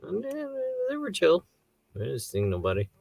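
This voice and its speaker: A young man co-hosting a casual podcast, telling rambling anecdotes and breaking into high-pitched disbelief. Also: wildly swooping pitch, normal speed, gravelly, darkish tone, dry recording. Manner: rambling anecdotes, jumps high in pitch when he gets worked up. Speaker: podcast co-host. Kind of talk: casual movie review chat.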